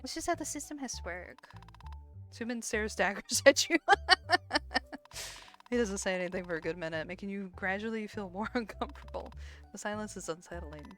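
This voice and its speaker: A woman's voice: medium pitch, animated, fairly quick, long pauses, soft background music. A woman streamer playing a game, reading its text aloud and commenting casually, giggling and swearing freely.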